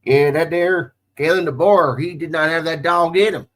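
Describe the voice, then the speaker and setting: A man doing a folksy, gloating Alabama redneck with a thick drawl that comes out mumbled, as though his cheek were full of tobacco. He talks in a deliberately unpolished, plain-spoken way, played as a comic impression. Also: a little high, pitched above the performer's own voice, lightly acted.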